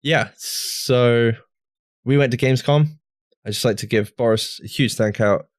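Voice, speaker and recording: A man's voice: mid-range voice, measured pace, no room sound, studio quality. A man co-hosting a podcast, chatting casually over drinks in a rambling way with plenty of restarts. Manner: rambling, restarts, filler words. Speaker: podcast co-host.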